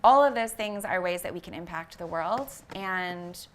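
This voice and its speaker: A woman who founded a vegan fashion brand, talking as an interview guest in an earnest, reflective way and often pausing on fillers as she searches for words. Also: on the low side, lively intonation, slight background noise. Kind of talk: casual reflective interview talk.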